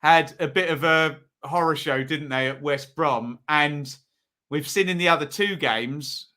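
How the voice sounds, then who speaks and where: A man's voice: a little high, a little slow, pushed and bright. A man hosting a live football preview, chatting and reading out viewer predictions. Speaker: football podcast host.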